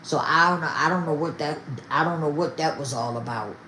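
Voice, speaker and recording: A woman's voice: low voice, a little fast, pushed and bright, slight background noise. An older woman talking casually to her viewers, emphatic and repetitive. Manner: emphatic, repeats herself, talks straight to viewers. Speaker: vlogger.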